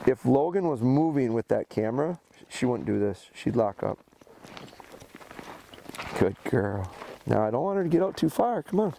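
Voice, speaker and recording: Gravelly-voiced man training a dog. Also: medium pitch, warm tone, slight background noise. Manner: casual, explains step by step, breaks off to praise the dog. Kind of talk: instructional talk while training a dog. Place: outdoors by a rural road.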